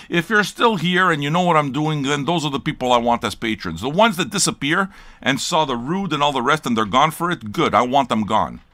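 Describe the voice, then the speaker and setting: A man's voice: on the high side, pushed and bright, dry recording. An older man hosting a record-listening show, talking in a blunt, profane, rambling livestream rant.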